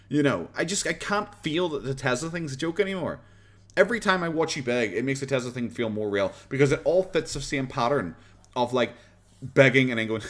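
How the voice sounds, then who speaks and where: An Irish man chatting on a live stream about other video makers. He is sarcastic, swears freely and laughs often, and his voice sits at an average pitch. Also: lively intonation, brisk, fairly bright tone. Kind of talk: casual commentary.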